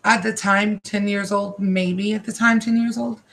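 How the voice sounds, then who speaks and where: Live-streaming a psychic reading from her own room, a card reader speaks at a middle pitch with fairly even intonation, vocal fry, and a fairly bright tone. Her delivery is halting and repetitive, circling back in emotional bursts.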